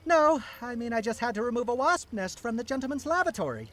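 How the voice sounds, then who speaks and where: Felix, a prim high-voiced doorman. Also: quick pace. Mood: deadpan. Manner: deadpan, needling. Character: prim, dry-witted male club doorman.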